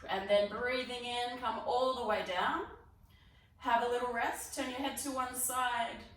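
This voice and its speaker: A woman with an Australian accent leading a yoga class, giving calm step-by-step breathing cues while she demonstrates the moves. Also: a little high, unhurried, a little hiss or hum. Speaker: yoga instructor. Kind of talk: guided exercise class. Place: fitness studio. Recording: very echoey room, mic far off.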